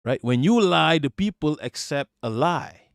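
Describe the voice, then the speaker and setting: Heated, profane male streamer, raised pitch. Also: expressive, measured pace, gravelly, no room sound, clean studio sound. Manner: heated, profane, many restarts. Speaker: live-stream host. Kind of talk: live political commentary stream.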